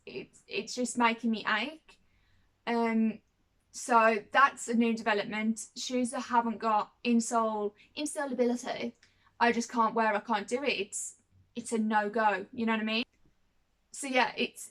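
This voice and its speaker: A woman's voice: on the high side, a bit bright. A woman in her twenties talking casually to camera as a vlogger, chatty and rambling, repeating herself and often checking in with "you know what I mean". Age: 20s.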